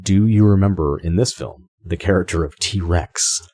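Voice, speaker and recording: Low-voiced guy rambling on a podcast, swears a lot, dry close sound. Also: normal speed, mellow, no echo. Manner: chatty, swears casually, stumbles and restarts. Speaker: podcast co-host. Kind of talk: casual podcast chat.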